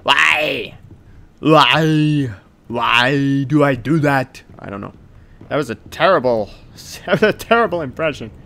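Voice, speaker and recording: A man's voice: mid-range voice, lively intonation, slow pace, creaky, bright, forceful tone. A man playing a video game and commenting, rambling and talking to himself playfully. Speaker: gaming video creator. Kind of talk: let's play commentary.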